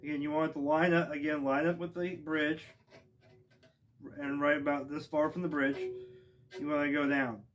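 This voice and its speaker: A man's voice: a little high, normal speed, pauses often, over music. Rambling man teaching a lesson over bowed strings. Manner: relaxed, rambling, many ums and restarts. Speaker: music teacher. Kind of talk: casual instrument lesson. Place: outdoors with wind. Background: bowed string instrument playing.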